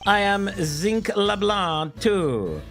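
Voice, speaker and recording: A man's voice: mid-range voice, very animated, measured pace, soft background music, pitched below the performer's own voice. A man voicing a pompous, wealthy foreign art dealer with a put-on French-like accent, haughty and impatient. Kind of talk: dramatic reading of game dialogue.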